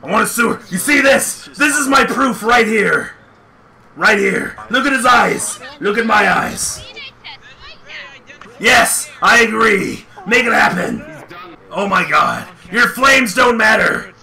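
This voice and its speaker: A hulking male warrior blusters and shouts, his voice high and gravelly with a piercing brightness, as a man puts him on in a comedic voice chat role-play. He sounds offended and hot-headed. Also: lively intonation, slow, full character voice. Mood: indignant. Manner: shouting, laughing, indignant. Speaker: streamer.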